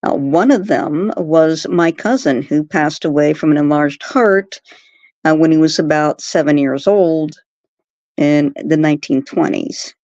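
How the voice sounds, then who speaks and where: Female medium guest, calm casual chat, low voice, muffled line. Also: a little slow, no echo.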